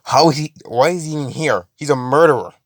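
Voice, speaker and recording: A man's voice: on the high side, fast, dry recording, studio quality. A man doing a scornful angry young rival. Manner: swearing, scornful.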